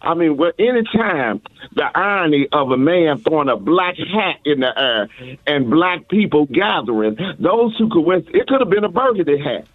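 Brief: rambling, stammering male caller, fairly high voice, heard through a tinny phone. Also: very animated, normal speed, dry recording. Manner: rambling, stammering, repeats himself. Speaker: caller taking a personal day. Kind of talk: comedic radio call-in. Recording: tinny dry phone line.

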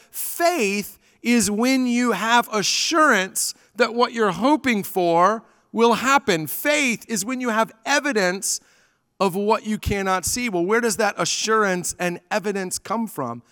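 A man's voice: high voice, pushed and bright, clear, resonant tone, no echo, studio quality, in a large hall. A man preaching a sermon to a church congregation, telling stories and acting out the dialogue in them. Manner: storytelling, acting out quoted dialogue. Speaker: pastor. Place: church sanctuary.

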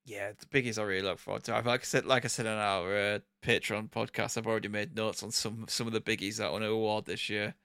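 Bright-voiced man in playful banter. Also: on the low side, steady tone, fast, few pauses, clear, resonant tone, dry recording, clean studio sound. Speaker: podcast co-host. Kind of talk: casual chat.

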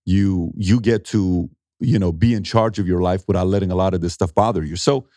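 Emphatic storytelling man, low voice. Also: fairly quick, no echo, studio quality. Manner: animated storyteller acting out quotes, emphatic. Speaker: entrepreneur and mentor, interviewee. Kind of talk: conversational interview.

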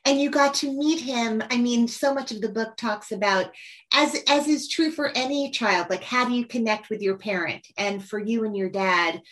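A woman's voice: a little high, moderate pace. A woman hosting an interview, asking eager questions and reacting with enthusiasm. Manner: enthusiastic, warm questioning with laughs. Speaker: interviewer host. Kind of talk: conversational interview.

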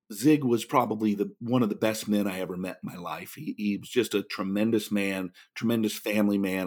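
A man who speaks professionally, telling stories in a podcast interview and bringing the people in them to life with impressions. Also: lowish voice. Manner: animated, does lively impressions of others. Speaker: guest speaker.

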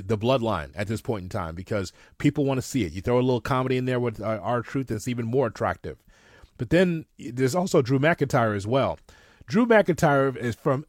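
A man's voice: medium pitch, no echo, studio quality. A man co-hosting a wrestling podcast, giving emphatic, opinionated takes in casual chat. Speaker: podcast co-host.

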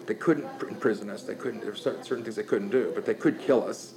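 An older man telling stories in casual talk, animated and profane, often restarting his sentences. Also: lowish voice, fast, poor audio. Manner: animated, profane, laughing storyteller with many restarts. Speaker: guest storyteller.

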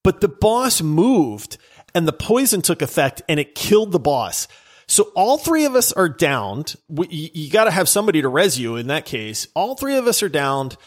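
Animated man telling gaming stories. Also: on the high side, moderate pace. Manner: animated storytelling, bursts of shouting when reliving wins. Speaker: podcast co-host. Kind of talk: casual gaming podcast chat.

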